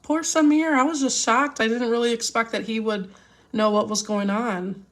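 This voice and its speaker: A woman's slightly high, somewhat bright voice keeps fairly even intonation at a moderate pace. She is a mother vlogging in a casual live chat, worried, upset and near tears, rambling with frequent restarts.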